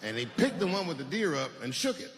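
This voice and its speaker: A man's voice: a little high, sing-song, quick pace. A man telling stand-up stories conversationally, acting out the people he meets. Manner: conversational storytelling with acted-out voices. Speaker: stand-up comedian. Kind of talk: stand-up storytelling. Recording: reverberant venue with audience noise.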